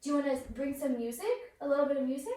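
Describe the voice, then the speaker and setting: A woman's voice: high voice, animated, quick pace, dark tone. A young woman leads a yoga class with a toddler at home, coaxing the child in a sing-song voice. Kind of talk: playful class led with a toddler. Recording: roomy echo, voice from far off the mic.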